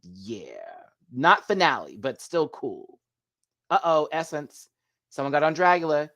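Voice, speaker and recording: A man's voice: a little high, a little slow. Male host of a live show review; gushing, chatty, answers his viewers, voice rises and falls a lot. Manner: gushing, excitable, laughs often; chatty, talks back to viewers' comments. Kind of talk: live video review chat.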